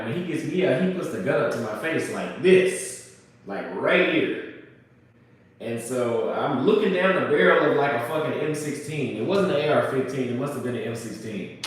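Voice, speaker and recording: A man from the United States casually telling a travel story, swearing and acting out shouted quotes. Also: medium pitch, a little hiss or hum. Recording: very echoey room, voice from far off.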